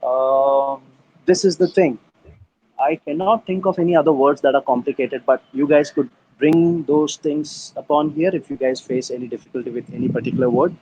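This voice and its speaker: A man's voice: mid-range voice, normal speed, mellow, slight background noise, poor audio. A man with an Indian English accent teaching an online English practice session over a video call, breaking words into syllables and slipping in Hindi. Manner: patient, drills words syllable by syllable; mixes in Hindi phrases. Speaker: English tutor.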